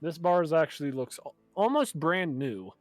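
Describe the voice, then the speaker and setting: Man game master, slightly high voice, dry close sound, soft music behind. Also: expressive, moderate pace, no room sound. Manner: laughing, playful. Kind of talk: narrating a tabletop game.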